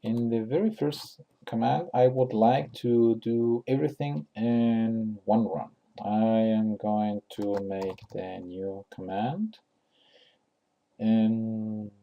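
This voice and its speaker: Slow, gravelly-voiced man explaining software. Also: fairly low pitch, dull audio. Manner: unscripted, many fillers and restarts, thinking aloud. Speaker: tutorial host. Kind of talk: screen-recorded software tutorial.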